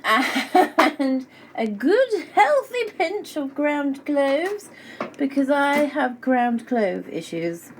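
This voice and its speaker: A woman's voice: mid-range voice, a little hiss or hum, poor audio. A chatty woman, baking in her home kitchen and talking playfully as she goes, tossing in silly made-up words. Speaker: baking vlogger. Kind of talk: casual chat while baking.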